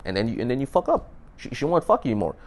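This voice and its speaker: A man's voice: medium pitch, very fast. A man telling a dating story in a casual, profane monologue, often repeating and restarting words. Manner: animated, emphatic. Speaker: dating advice vlogger.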